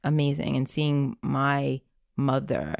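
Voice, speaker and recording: A woman's voice: rumbling low, steady tone, slow pace, gravelly, a little mellow, no room sound, clean studio sound. A woman from a Caribbean family telling a personal story in a casual podcast conversation, laughing now and then and using many fillers. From Caribbean family, Jamaica. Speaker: podcast guest, parent.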